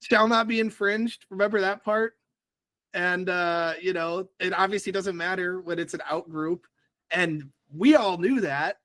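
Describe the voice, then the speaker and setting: A young man chats on a political podcast, slangy and quick to laugh. His voice sits a little high and comes through a close, dry mic. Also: a bit bright, dry recording. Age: young adult. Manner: chatty, slangy, laughs often. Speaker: podcast co-host. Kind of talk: casual political chat.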